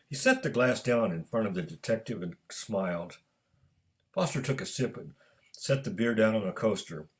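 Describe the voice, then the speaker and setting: A man reading his own story aloud in a measured narrating manner. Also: on the low side. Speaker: author and storyteller.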